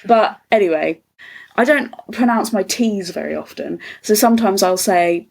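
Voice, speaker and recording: A woman's voice: mid-range voice, moderate pace, vocal fry, a little mellow. A young woman with a Norfolk accent, co-hosting a podcast in giggly, chatty casual talk. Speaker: podcast co-host. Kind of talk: casual chat.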